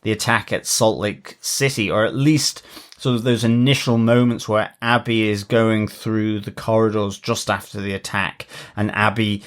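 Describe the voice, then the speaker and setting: A man's voice: on the low side, steady tone. A man co-hosting a podcast, reading a plot recap steadily and then chatting loosely with many fillers. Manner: reads plot recap in a measured way, then chats with frequent fillers and restarts. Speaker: podcast co-host. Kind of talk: casual podcast review chat.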